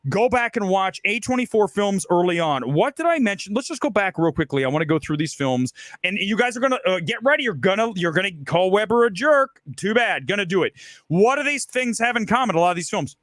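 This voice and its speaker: A man's voice: high-pitched, expressive, brisk, fairly bright tone, dry recording, clean studio sound. A middle-aged man from Ohio hosting a film commentary show, ranting with emphatic, repeated rhetorical questions. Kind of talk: ranting monologue.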